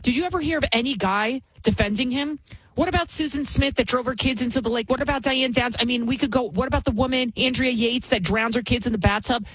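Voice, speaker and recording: Indignant woman host, husky voice. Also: a little high, fast talker, a bit bright, no room sound, low-quality recording. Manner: indignant, emphatic, repeats words for emphasis. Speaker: talk show host. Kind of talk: opinionated commentary.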